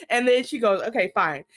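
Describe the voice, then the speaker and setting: A woman's voice: on the high side, expressive, normal speed, fairly bright tone, dry recording, clean studio sound. A woman co-hosting a casual TV recap podcast, laughing often and giving her opinions on the scenes. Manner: chatty, laughs often, gives opinions and acts out lines. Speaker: podcast co-host.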